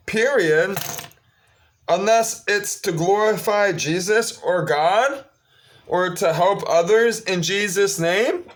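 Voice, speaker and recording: A man giving a preachy religious monologue, repeating phrases for emphasis. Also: sits high.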